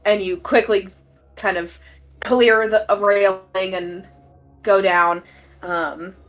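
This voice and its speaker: A woman's voice: mid-range voice, fairly even intonation, takes it slowly, fairly bright tone. A woman narrating as game master in a tabletop game, casual and full of fillers.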